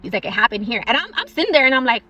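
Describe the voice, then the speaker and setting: A woman's voice: on the high side, sing-song, rapid-fire, sharp tone. Chatty woman telling a ghost story. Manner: chatty, lots of "like" and "um" fillers. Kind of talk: casual spoken storytelling. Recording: dull lo-fi audio.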